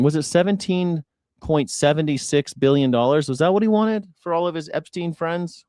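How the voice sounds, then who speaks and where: A man's voice: on the high side, normal speed, dark tone, dry recording. A man hosting a news reaction show, ranting sarcastically with profanity.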